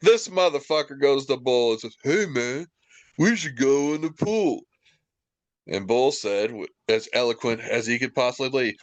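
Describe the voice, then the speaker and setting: A man's voice: medium pitch, very animated, normal speed, dry recording. A man from Indiana, a podcast guest, telling rambling, profane anecdotes with wry asides in casual chat.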